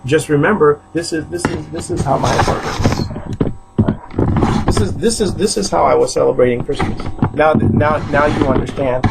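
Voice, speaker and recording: This is a man from Haiti, a preacher, venting to the camera indoors at his apartment. His voice sits on the high side with vocal fry and a moderate pace. He keeps circling back over his grievances and often erupts, all against very noisy audio.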